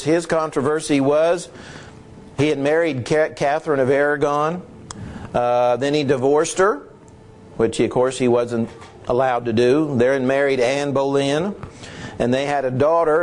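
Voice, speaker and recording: A middle-aged man teaching history informally, halting and often clearing his throat. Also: mid-range voice, a little mellow.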